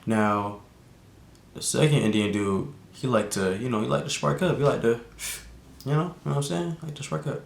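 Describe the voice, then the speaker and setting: A man's voice: mid-range voice, normal speed, creaky, reverberant. A young man vlogger telling a casual storytime, rambling and laid-back, full of slang and restarts. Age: young adult.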